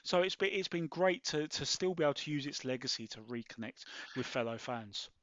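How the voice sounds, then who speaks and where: A man's voice: medium pitch, lively intonation, fairly quick, fairly bright tone, dry recording. A man with a Cockney accent trades wry, teasing banter as a podcast co-host. His voice sits mid-range, and the recording is dull, lo-fi and dry. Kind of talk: casual podcast chat.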